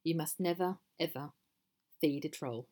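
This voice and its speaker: A woman narrates her own storybook with a dry, wry touch. Her voice sits on the low side, and she lets the humour land without pushing it. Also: unhurried, mellow.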